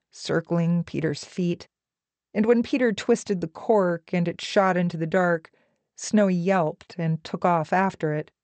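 A woman narrating a novel in a slow, measured, even reading voice. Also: on the low side, dry recording. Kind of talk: audiobook narration.

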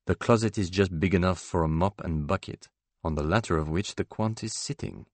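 Deep-voiced male audiobook narrator. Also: fairly quick, darkish tone, no echo. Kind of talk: first-person literary narration.

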